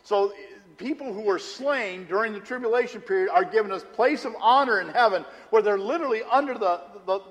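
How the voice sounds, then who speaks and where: A middle-aged man preaching a sermon as pastor, telling personal stories conversationally and dropping low and intense for emphasis. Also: a little fast, hardly any pauses, a bit bright. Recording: long hall reverb.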